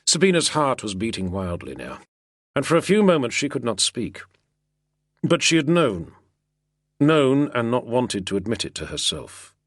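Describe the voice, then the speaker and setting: A man narrating a historical novel as an audiobook in measured, expressive storytelling. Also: medium pitch, no echo, studio quality. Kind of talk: scripted narration.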